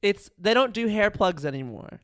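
Playful young man with a lively voice. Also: sits high, normal speed, no echo, clean studio sound. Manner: playful, teasing, laughs often. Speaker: podcast co-host. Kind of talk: casual chat.

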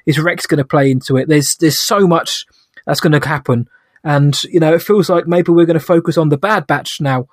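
A man's voice: fairly high pitch, moderate pace, dry recording, clean studio sound. A man co-hosting a podcast, chatting enthusiastically and rambling through his review. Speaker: podcast co-host. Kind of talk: casual podcast review chat.

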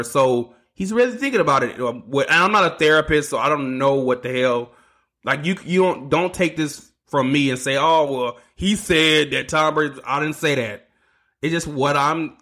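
A man's voice: mid-range voice, bright, forceful tone. A man hosting a solo sports podcast, ranting casually with lots of swearing and restarts. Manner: ranting, profane, restarts a lot. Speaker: podcast host.

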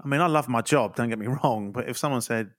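A man's voice: medium pitch, quick pace, dry recording. A man co-hosting a football podcast, joking and bantering playfully. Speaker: podcast co-host. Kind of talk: casual football podcast chat.

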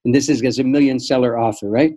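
An older man speaks as an interview guest in a warm, mellow voice at a mid pitch. He tells stories reflectively and measuredly, often restarting his sentences. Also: steady tone, breathy edge, low-quality recording. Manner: thoughtful, measured, frequent restarts. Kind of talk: reflective storytelling conversation.

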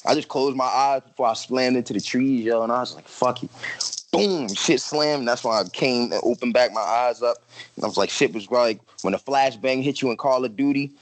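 A man's voice: mid-range voice, normal speed, poor audio. A young man on a podcast telling a story in casual, profane slang and acting out his own quotes.

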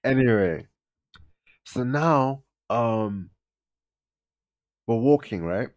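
A man's voice: medium pitch, lively intonation, drawn-out words. A young man, casually telling a story on a podcast and acting out his friends' lines in raised voices. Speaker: podcast host.

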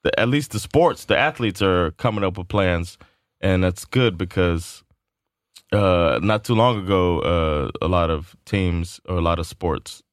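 Low-voiced man in casual chat. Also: unhurried, no echo, studio quality. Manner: loose, rambling, laughs and swears freely. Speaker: podcast co-host.

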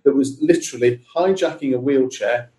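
Middle-aged man, mellow and dark tone, slightly echoey room, steady detailed storytelling. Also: mid-range voice, fairly quick. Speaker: guest, father of a wheelchair user. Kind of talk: podcast interview, recounting events.

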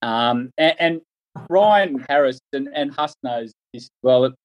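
Man, Australian accent, mid-pitched, casual storyteller, podcast guest. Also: expressive, unhurried, highs cut off. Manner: anecdotal storyteller. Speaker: former cricketer guest.

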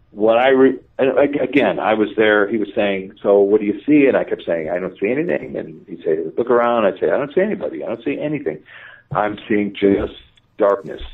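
Animated man on a tinny phone line. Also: lowish voice, recorded from a distance. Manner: lively, self-mocking, quick asides, acts out dialogue. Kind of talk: animated personal storytelling.

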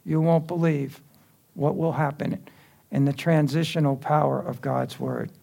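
Gravelly man preaching a sermon. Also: on the high side, steady tone, unhurried, warm tone. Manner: conversational, quipping asides to the congregation.

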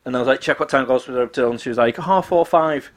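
A man's voice: medium pitch, flat delivery, rapid-fire, a bit bright. Brief: young guy, co-host, swears, acts out quotes. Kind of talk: casual chat, storytelling.

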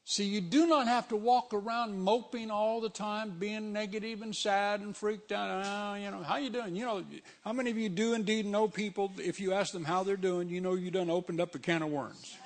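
A man preaching a sermon in a loose, conversational way, driving his points home with emphasis. His voice sits high and has a gravelly rasp. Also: fairly even intonation, normal speed, hardly any pauses.

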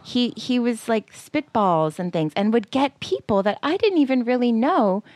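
Here a podcast co-host in her forties relates a personal anecdote at normal speed, her pitch fairly high. She keeps it casual and lively, voicing the quotes herself and leaning on plenty of fillers. No echo is present.

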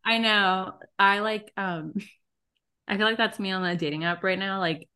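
Young woman, bright forceful voice, playful teasing chat. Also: medium pitch, smooth. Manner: playful, teasing, quick to laugh. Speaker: podcast co-host. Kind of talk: casual chat.

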